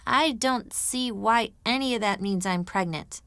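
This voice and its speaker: A woman's voice: mid-range voice, unhurried, fairly bright tone, clean tone, dry recording, pitched above the performer's own voice. A woman narrating an audiobook, voicing a drowsy, skeptical young woman with a wry manner. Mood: dismissive. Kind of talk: audiobook character voice.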